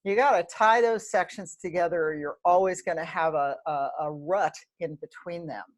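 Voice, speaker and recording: Low-voiced woman chatting casually. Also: normal speed. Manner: chatty, self-deprecating, laughs often. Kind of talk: casual webinar chat.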